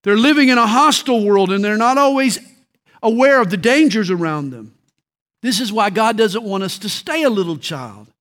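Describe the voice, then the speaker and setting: A middle-aged male pastor delivering a sermon, telling stories and slowing down to stress key points. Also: high voice, animated, fairly bright tone.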